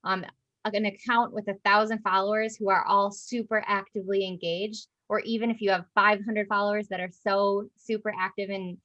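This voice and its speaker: A woman guest explaining her work in an interview, in a steady, patient way with frequent fillers. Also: mid-range voice, normal speed, highs cut off. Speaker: guest, personal brand specialist.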